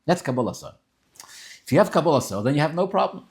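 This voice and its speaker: A man giving an informal Torah class, talking in animated, emphatic bursts with frequent restarts and Yiddish and Hebrew terms mixed in. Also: a little high, fast talker. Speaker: rabbi teaching Tanya.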